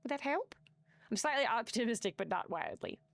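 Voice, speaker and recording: A woman's voice: on the high side, lively intonation, brisk, gravelly. A woman streaming gameplay live, reading game text aloud and swearing as she talks to chat.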